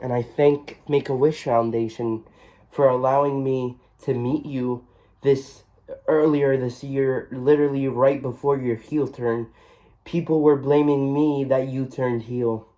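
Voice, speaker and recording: Slow, earnest man vlogging. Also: medium pitch, dark tone. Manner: earnest, heartfelt, repeats phrases. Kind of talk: emotional vlog reflection.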